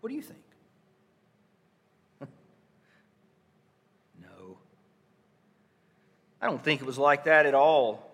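A male pastor preaching a sermon, swinging from hushed softness to loud emphasis and posing rhetorical questions to his listeners. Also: fairly high pitch, big pitch swings, takes it slowly, pauses often, breathy edge, big-room sound. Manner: dramatic shifts between soft hushed lines and loud emphatic ones; asks the congregation rhetorical questions.

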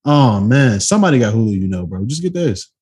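A man co-hosting a podcast, firing back quick reactions and banter in casual chat. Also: mid-range voice, very animated, darkish tone, slightly rough. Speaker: podcast co-host.

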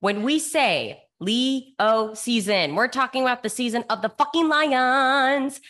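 Hyped woman podcast co-host with a lively voice. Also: on the high side, takes it slowly. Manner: hyped, swears a lot, lively. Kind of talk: casual chat.

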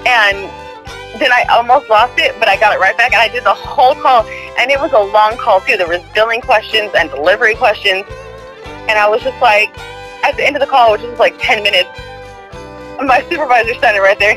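A woman hosting a podcast in casual chat, an animated storyteller who laughs along. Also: a little high, a little fast, faint music behind, poor audio. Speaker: podcast host.

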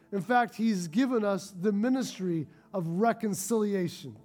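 A male pastor preaching a sermon, telling stories with animated, rising excitement. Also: sits high, moderate pace, hardly any pauses, soft background music.

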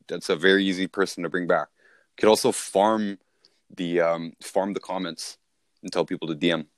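A man's voice: sits low, dry recording, studio quality. A man talking casually as a sales coach, repeating and restarting himself as he explains.

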